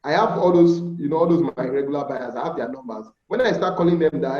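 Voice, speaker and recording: A man's voice: on the high side, fast. A Nigerian man teaching an informal online class on fish farming, chatty, checking in with listeners and acting out bargaining with buyers. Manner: conversational, checks in often with "all right?", acts out buyer dialogues. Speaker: aquaculture instructor. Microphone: video call. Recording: muffled, echoey call audio.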